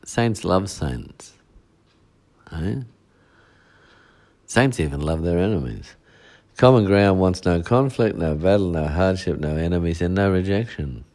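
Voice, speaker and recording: A man's voice: deep voice, moderate pace, darkish tone. A male pastor, preaching a midweek sermon with heavy repetition and rhetorical asides.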